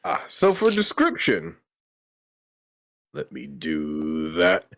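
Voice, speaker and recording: A man co-hosting a podcast, chatting casually with teasing, deadpan banter. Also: deep voice, takes it slowly, gravelly. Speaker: podcast co-host. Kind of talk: casual chat.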